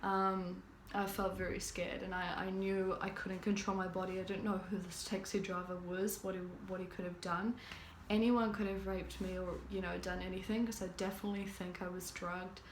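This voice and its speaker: Recorded in a roomy, echoing space with a bit of background noise, this New Zealand vlogger talks through something that happened to her. Her voice is mid-range and fairly flat, her pace moderate, and her casual telling wanders with lots of fillers and false starts.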